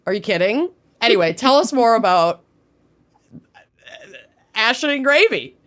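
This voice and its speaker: A woman's voice: fairly high pitch, sing-song, unhurried, fairly bright tone. A woman with a Minnesotan accent co-hosting a podcast, chatting casually and gushing with enthusiasm. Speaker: podcast co-host. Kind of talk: casual chat.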